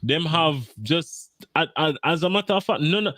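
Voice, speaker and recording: A man arguing about football on a podcast, animated and swearing. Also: fairly high pitch, moderate pace, dry recording, studio quality. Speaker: podcast co-host. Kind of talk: heated football banter.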